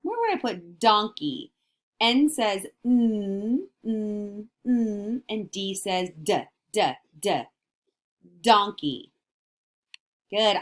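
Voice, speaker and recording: Woman teacher, unhurried phonics read for little kids; stretches out each letter sound, praises and quizzes gently. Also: lowish voice. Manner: encouraging, questioning tone. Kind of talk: phonics lesson for young children.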